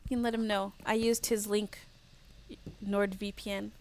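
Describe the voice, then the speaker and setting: A woman's voice: medium pitch, level tone, moderate pace, a little mellow, a little hiss or hum. A young woman from the United States chatting casually on her livestream, laughing often and acting out the lines of people she quotes. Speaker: livestream host.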